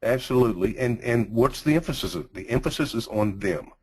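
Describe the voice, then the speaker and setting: A man with a Texas accent teaching a sales training class, speaking slowly with deliberate pauses and emphasis. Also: mid-range voice, lively intonation, husky, rough recording.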